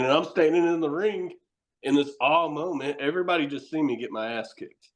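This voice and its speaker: A man's voice: on the high side, expressive, fairly quick. A middle-aged man, a wrestler and horror host, telling rambling stories as a podcast guest, cursing and laughing often. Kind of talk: casual storytelling chat.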